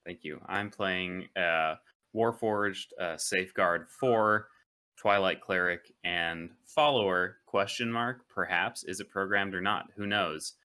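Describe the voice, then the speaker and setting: Deep, slow-talking man, smooth and bright. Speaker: player. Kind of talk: casual chat.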